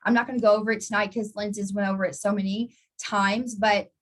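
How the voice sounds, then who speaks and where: A woman's voice: medium pitch, level tone, fast. A woman giving a casual live training talk to her network marketing team, chatty and encouraging, often restarting and repeating words as she answers viewers by name.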